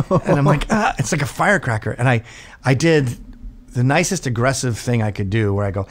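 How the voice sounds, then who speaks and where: A middle-aged man hosts a show, telling a rambling comic story in a loose, profane way. His pitch swings widely as he talks, and he now and then jumps into a high squeal to mimic someone. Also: lively intonation, normal speed. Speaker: show host. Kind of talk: casual comedic storytelling.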